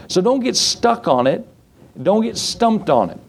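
A man's voice: high voice, sing-song, moderate pace, gravelly, slight background noise. A man teaching a Bible study in a folksy way, reading scripture aloud and asking his listeners questions.

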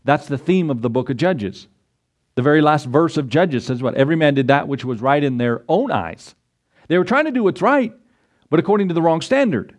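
A man's voice: on the high side, lively intonation, fairly quick. A man preaching a sermon as pastor, emphatic and full of rhetorical questions, acting out the voices he quotes.

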